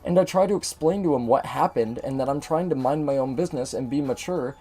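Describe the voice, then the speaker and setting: Frustrated young man venting, mellow tone. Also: mid-range voice, a little fast. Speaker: gaming video host. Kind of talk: ranting commentary over gameplay.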